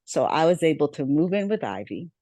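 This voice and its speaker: A woman's voice: low-pitched, very animated, a little fast, dark tone, no echo. A woman guest on a podcast telling her life story, reflective and repeating key phrases for emphasis. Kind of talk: storytelling interview.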